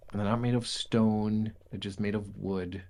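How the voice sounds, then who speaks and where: A man narrating as game master of a tabletop game, describing rooms in a relaxed way with frequent fillers. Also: on the low side, moderate pace, vocal fry.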